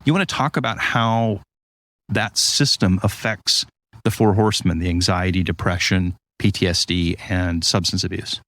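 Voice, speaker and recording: A man in casual conversation, explaining ideas through lively stories and acted-out quotes. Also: deep voice, moderate pace, no echo. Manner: animated storyteller, acts out quotes.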